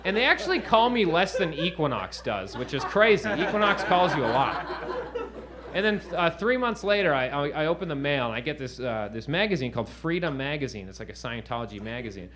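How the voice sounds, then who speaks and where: A man on a comedy stage tells a long, rambling story full of swearing. His voice sits a little high, and he keeps asking the room "right?" A live audience laughs loudly behind him. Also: big pitch swings, a little fast, crowd noise. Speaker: stand-up comedian. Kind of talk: stand-up storytelling.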